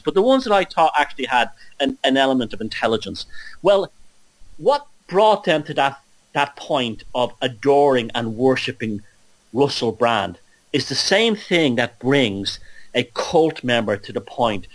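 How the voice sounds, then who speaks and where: A man's voice: medium pitch, dry recording. A man, drowsy from antihistamine, hosting a blunt, mocking rant full of restarts. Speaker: host. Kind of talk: ranting monologue.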